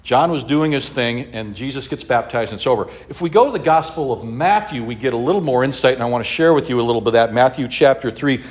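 A man preaching in a relaxed, conversational way, teaching from scripture. His voice sits at an ordinary middle pitch, and he keeps turning to his listeners to check they follow, with the odd light joke. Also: fast, hardly any pauses. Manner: casual, checks in with listeners, humorous asides. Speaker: pastor.

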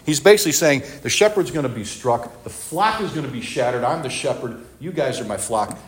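A man preaching a sermon and leading a prayer, retelling scripture in a conversational, animated way with acted-out quotes. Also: medium pitch. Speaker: pastor.

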